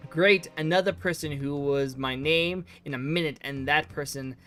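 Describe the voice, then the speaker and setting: A man live-streaming a courtroom game, chatting excitably with his voice getting tired. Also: fairly high pitch, moderate pace, smooth, faint music behind. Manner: excitable, exclaiming.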